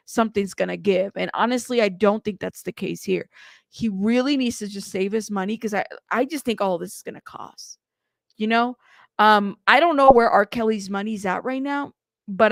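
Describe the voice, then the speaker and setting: A woman with a gravelly, mid-range voice hosts a casual livestream as a news host, recorded in clean studio sound with no echo. She rambles and teases while chatting and reading viewer comments, cussing and laughing often.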